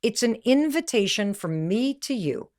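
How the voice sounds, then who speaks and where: A woman's voice: fairly high pitch, a little slow. A woman podcast host and motivational speaker, telling a story emphatically and speaking straight to the listener. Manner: animated, emphatic, addresses listener directly.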